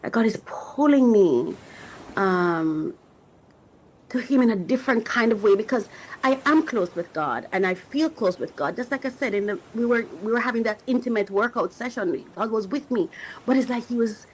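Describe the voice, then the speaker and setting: A woman's voice: fairly high pitch, lively intonation, moderate pace, breathy edge, low-quality recording. A middle-aged woman hosting a podcast, talking in an emotional, searching way about faith, often restarting as she looks for words. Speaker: podcast host and coach. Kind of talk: reflective spiritual talk to listeners.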